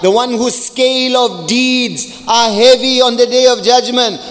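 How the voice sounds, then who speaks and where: A male preacher delivering an emphatic, rhetorical sermon, rapidly reciting Arabic verses between English explanations. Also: very high voice, steady tone, a bit bright. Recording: long hall reverb.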